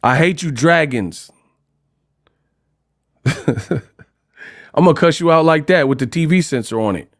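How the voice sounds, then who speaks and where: A man from California hosting a livestream, ranting casually in an animated, slangy, joking way. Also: a little high, a little slow, long pauses. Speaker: host.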